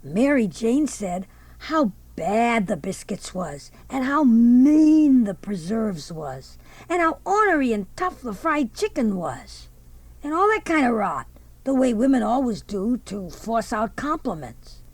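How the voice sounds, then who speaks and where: A woman's voice: on the high side, sing-song, measured pace, dry recording. A woman voicing a young teenage boy, who narrates a radio drama in a plainspoken, folksy drawl.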